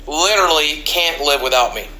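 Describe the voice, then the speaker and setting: Intense, sharp-voiced man confessing. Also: a little high, lively intonation, normal speed, a little hiss or hum, rough recording. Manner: earnest, pleading, intense. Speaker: YouTuber in a played clip. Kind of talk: emotional confessional talk. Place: studio.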